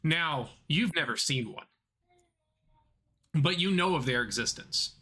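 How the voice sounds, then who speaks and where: Bright-voiced game master, halting narration. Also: mid-range voice, expressive, husky. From southern North Carolina. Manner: halting, many restarts and fillers while describing.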